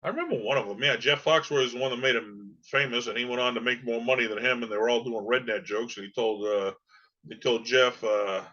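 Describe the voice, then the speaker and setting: A man's voice: medium pitch, fairly quick, sharp tone, dull audio. A man from New England hosting a podcast, talking casually and rambling with many fillers. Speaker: podcast host. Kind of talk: casual solo podcast talk.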